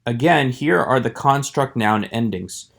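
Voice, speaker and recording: A man giving a scripted Hebrew grammar lecture as a voice-over, measured and slowing down to sound out each Hebrew word. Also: mid-range voice, lively intonation, vocal fry, a bit bright. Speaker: Hebrew instructor.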